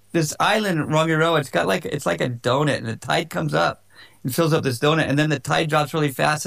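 A man telling his own dramatic surfing and diving stories in an animated interview, with lots of "like" and acted-out quotes. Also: mid-range voice, creaky. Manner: excited, full of likes and quoted voices. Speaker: surfer telling his story.

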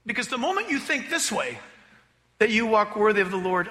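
A man preaching a sermon as pastor, animated, acting out voices to make his points. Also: sits high, brisk. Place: church sanctuary. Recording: long hall reverb.

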